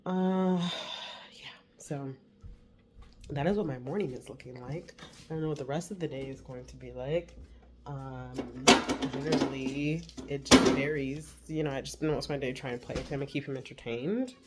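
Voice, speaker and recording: Making breakfast at home, a vlogger mother in her 40s chats away casually to a camera resting on the kitchen counter. She has a very deep voice and talks a little fast over heavy background noise.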